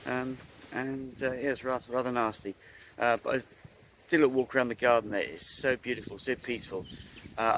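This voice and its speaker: A man's voice: medium pitch, background noise. Man, casual rambling chat, phone call from outdoors, faint rural background. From England. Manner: rambling, lots of ums and uhs. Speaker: motorcycle traveller on a video call. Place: outdoors under a tree at a campsite. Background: faint rural outdoor sounds, insects.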